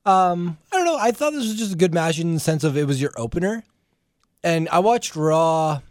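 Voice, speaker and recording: A man's voice: fairly high pitch, animated, normal speed, dry recording, clean studio sound. A young man in casual chat, rambling through his opinions with lots of fillers. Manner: rambling, lots of likes and restarts. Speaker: podcast co-host.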